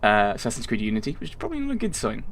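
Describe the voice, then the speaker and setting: A man's voice: mid-range voice, huge pitch swings, rapid-fire, fairly bright tone. A man hosting a let's play, thinking aloud and rambling through casual game commentary.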